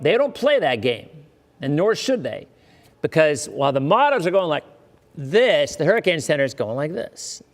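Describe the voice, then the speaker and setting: A man's voice: a little high, big-room sound. A man hosting a live weather forecast, talking in a chatty way with joking asides to his viewers.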